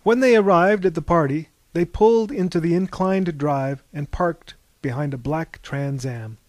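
A man's voice: fairly high pitch, moderate pace, a little mellow, no room sound. A man reading an audiobook in a wry, mock-epic storytelling tone. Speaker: audiobook narrator. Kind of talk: scripted narration.

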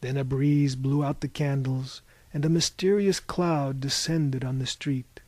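A male narrator reads a story aloud in a close, dry recording with no room sound. His pitch sits at an ordinary middle level, and he tells the tale in a measured way that lifts now and then into livelier bursts. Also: steady tone, darkish tone, no echo. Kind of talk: audiobook story reading.

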